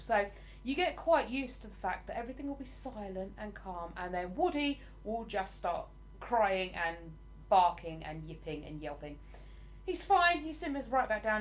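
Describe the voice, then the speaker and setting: A woman's voice: medium pitch, slight background noise. A young woman, chatting casually on a home live stream as she reads out viewer comments, rambling a little with plenty of ums. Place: at home in a living room.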